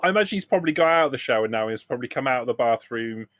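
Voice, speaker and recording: Lively fast-talking man player. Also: mid-range voice, dry recording, studio quality. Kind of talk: casual tabletop play.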